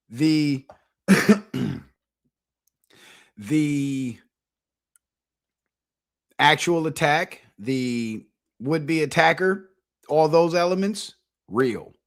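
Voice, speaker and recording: A man hosting his own channel at home alone, talking in a loose, profane, casual commentary style and laughing often. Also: on the high side. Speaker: channel host.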